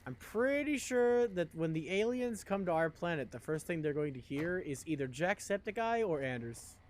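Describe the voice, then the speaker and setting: Animated, joking male streamer. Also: high-pitched, moderate pace, a little hiss or hum. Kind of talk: casual live-stream chat while gaming.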